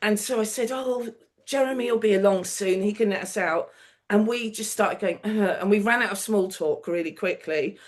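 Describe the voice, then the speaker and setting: A woman's voice: mid-range voice, normal speed. Laughing woman telling stories. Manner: animated storyteller, laughs often, mimics people in quotes. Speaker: guest, TV producer. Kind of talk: casual chat, anecdote telling.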